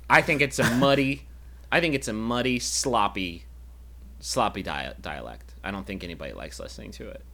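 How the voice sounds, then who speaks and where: An American man co-hosting a comedy podcast, riffing quickly and building to loud bits. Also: lowish voice, expressive, creaky. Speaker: podcast co-host. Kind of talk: casual comedic banter.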